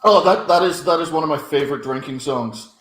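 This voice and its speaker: A man, chatting in an animated, opinionated way on a comedy podcast. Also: a little high, a little fast, echoey room. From Ireland. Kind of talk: casual podcast chat.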